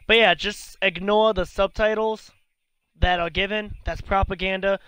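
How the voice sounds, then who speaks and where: Excitable high-voiced man commentating a game. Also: normal speed, clean tone, dry recording. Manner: excitable, profane, chatty. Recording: noisy home recording.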